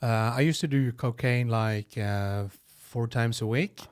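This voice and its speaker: A man's voice: medium pitch, a little mellow. A man with a Norwegian accent, a comedian chatting candidly as a podcast guest, with frequent restarts. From Norway. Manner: candid, quick, lots of restarts and laughs. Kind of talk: casual podcast chat.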